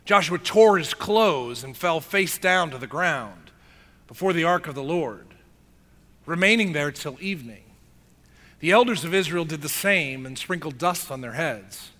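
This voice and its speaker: A man preaching a sermon as pastor, casual and animated, acting out the people he tells about, in a church hall. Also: a little high, a little slow. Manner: casual, animated storytelling with acted-out quotes. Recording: long hall reverb.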